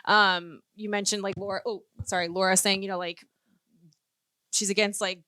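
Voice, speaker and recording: A woman in her late thirties talks candidly as a guest in casual chat. Her voice is bright and forceful, and she laughs easily. The recording is dry and close. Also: mid-range voice, little pitch movement, normal speed, dry recording. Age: late 30s. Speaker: sports broadcaster guest.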